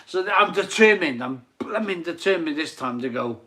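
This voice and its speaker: A man's voice: a little high, expressive, moderate pace, sharp tone. A man in his forties hosting a casual live beer stream, chatty and laughing often as he reads out viewer comments. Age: 40s.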